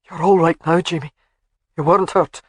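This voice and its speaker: A male narrator voicing a proud, fierce Highland laird, gruff and forceful. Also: steady tone, moderate pace, no echo, studio quality.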